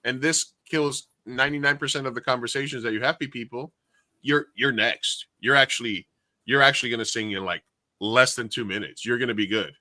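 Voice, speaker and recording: Animated storytelling man, bright voice. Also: medium pitch, brisk, no room sound. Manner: animated, swears freely, acts out quotes. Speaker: podcast co-host, karaoke host. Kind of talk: casual storytelling chat.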